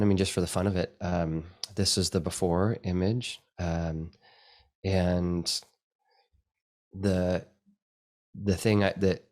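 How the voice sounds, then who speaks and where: Brief: deep male voice, casual and meandering presenter, lots of restarts. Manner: rambling, restarts often, soft-spoken asides. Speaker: photographer presenting his work. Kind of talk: casual talk with slides. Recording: dry event space with live video call.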